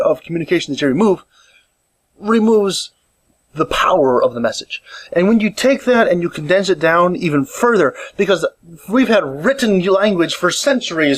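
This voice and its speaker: A man's voice: sits high, dry recording. A man talking alone into a mic at home, rambling and restarting often while he gestures as he speaks. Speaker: podcast host. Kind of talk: casual solo monologue. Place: home room, seated in chair. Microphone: condenser with improvised pop filter.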